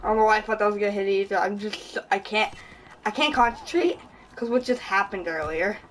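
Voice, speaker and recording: A woman's voice: medium pitch, a little fast, distant mic, faint music behind, rough recording. A young woman giving casual gameplay commentary, laughing often and swearing at her own plays. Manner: giggly, laughs often, swears while playing. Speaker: gaming channel host.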